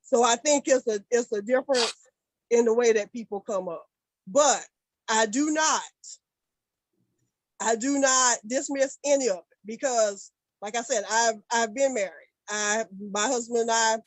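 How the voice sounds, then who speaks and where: A woman in her forties, an author guest on a panel, talking in an earnest, reflective way with halting restarts. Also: fairly high pitch, no room sound, rough recording. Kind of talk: panel discussion.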